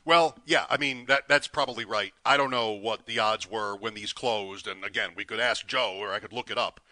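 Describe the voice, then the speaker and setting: Bright, dry-sounding male radio co-host. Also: on the low side, moderate pace, no room sound. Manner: builds suspense, teasing. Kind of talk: sports betting radio chat.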